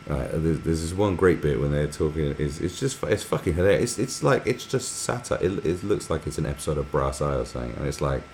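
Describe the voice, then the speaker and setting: A man's voice: rumbling low, lively intonation, a little fast, gravelly, few pauses, darkish tone, slight background noise. A man hosting a live stream, talking in a rambling, sweary way and often slipping into mocking impressions. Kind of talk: casual rambling commentary.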